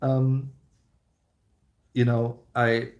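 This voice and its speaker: A man's voice: mid-range voice, completely flat delivery, extremely slow, a little mellow, lo-fi sound. A man with a German accent hosting a casual livestream question-and-answer chat, speaking English as a second language in an easygoing, rambling way with many fillers and restarts. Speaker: host.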